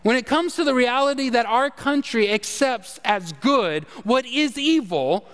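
A man's voice: extremely high pitch, a bit bright, big-room sound. A man preaching a sermon with emphasis, asking his congregation questions. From Texas. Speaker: pastor.

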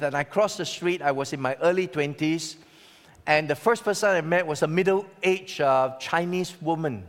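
A man's voice: fairly high pitch, moderate pace. Storytelling man preaching in a reverberant hall. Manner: storytelling, dramatic shifts between loud and hushed. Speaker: pastor. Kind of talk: sermon.

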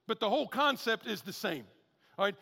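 A male pastor preaching a sermon with a high, bright voice full of gravelly fry. He keeps it conversational, punches points with near-shouts, then drops into low, quick asides. A long reverb from a big hall trails each phrase. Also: lively intonation.

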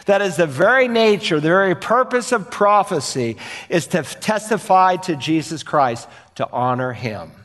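Preaching pastor in a reverberant hall. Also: male voice, high voice, expressive, normal speed, a bit bright. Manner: earnest preaching with rhetorical questions and emphatic repetition. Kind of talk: sermon.

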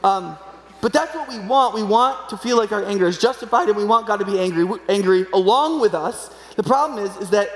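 A man's voice: lively intonation, brisk. A man in his forties preaching a conversational sermon, often checking in with "right?" and acting out quoted voices. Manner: conversational, keeps asking "right?"; acts out quoted voices with sudden pitch jumps. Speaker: pastor. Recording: echoey hall with long reverb.

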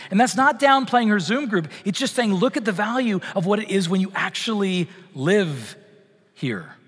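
A man's voice: sits high, lively intonation, brisk, a bit bright, breathy edge, big-room sound. A middle-aged man from Canada preaching a conversational sermon to his congregation, with many fillers and restarts. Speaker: pastor. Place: church sanctuary.

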